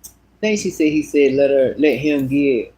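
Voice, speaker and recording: A woman's voice: a bass voice, unhurried. A woman telling a story in a casual vlog monologue, blunt and full of cussing. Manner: blunt, profane, animated. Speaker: vlogger.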